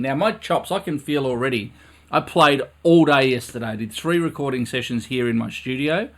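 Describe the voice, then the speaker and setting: A man teaching a live-streamed brass lesson from his recording studio, earnest, repeating phrases over and over for emphasis. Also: mid-range voice.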